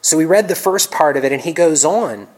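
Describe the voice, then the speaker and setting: Earnest male preacher delivering a sermon; swings between ringing scripture reading and hushed, whispered asides. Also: fairly high pitch, expressive, a little fast, low-quality recording.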